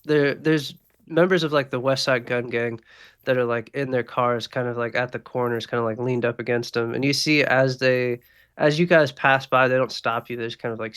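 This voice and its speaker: This is a man acting as dungeon master and narrating the scene. His delivery is loose and conversational, full of filler words. His voice sits in a middle pitch. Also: fairly bright tone, clean tone. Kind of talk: narrating a tabletop game.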